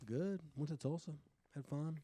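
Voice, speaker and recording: A man with a mid-range voice recorded dry and close. His delivery is laid-back and deadpan, casual comedy-podcast talk that sounds unbothered. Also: a little high, normal speed, no echo. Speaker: podcast co-host.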